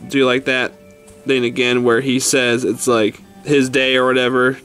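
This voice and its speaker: A man's voice: mid-range voice, level tone, measured pace, fairly bright tone, clean tone, soft background music, lightly acted. A man voicing Mario as a short-tempered plumber who rants and swears when angry. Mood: grumbling. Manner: exasperated, swearing, ranting. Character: Mario, short-tempered adult male plumber, easily enraged. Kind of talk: toy stop-motion fan skit voice.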